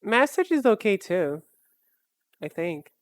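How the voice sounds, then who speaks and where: Casual art streamer, rambles and laughs at themself; mid-pitched, crisp, dry close sound. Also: very animated, takes it slowly, no echo. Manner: rambling and self-deprecating, with frequent laughs and restarts. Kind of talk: casual live-stream chat while drawing.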